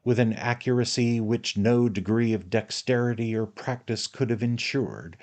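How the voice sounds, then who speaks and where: This is a man with a lowish, somewhat dark voice narrating an audiobook of a classic novel. His storytelling is measured.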